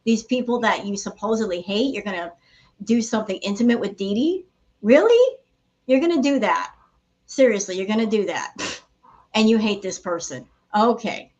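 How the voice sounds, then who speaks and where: A woman's voice: medium pitch, normal speed, a little mellow, highs cut off. A woman on a commentary stream, talking emphatically and firing off rhetorical questions. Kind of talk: casual commentary.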